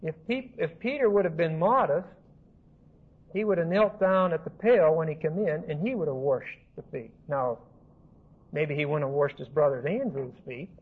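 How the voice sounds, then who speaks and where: A man's voice: a little high, moderate pace, breathy edge. A man teaching a Bible study in an emphatic, repetitive, conversational way. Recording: dull lo-fi recording.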